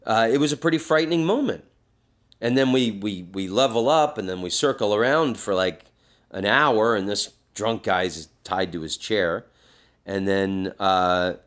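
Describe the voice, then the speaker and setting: Guy hosting a podcast, animated storytelling, crude jokes, reads book bits out loud. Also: medium pitch. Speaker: podcast host. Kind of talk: storytelling and reading aloud.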